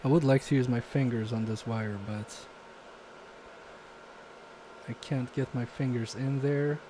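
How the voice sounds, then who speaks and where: Working on a tricky repair during a livestream, this man, a native Polish speaker, narrates his progress and mutters self-mocking remarks. He speaks at a measured pace in a warm, steady, mid-range voice, with slight background noise.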